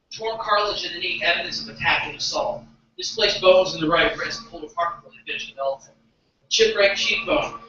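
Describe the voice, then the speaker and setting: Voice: medium pitch, bright, forceful tone, dull audio, a little hiss or hum. Intense declaiming poet in an echoey hall. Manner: intense, declamatory, call-and-response. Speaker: spoken word poet. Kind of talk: live spoken word performance. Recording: distant mic in an echoey hall.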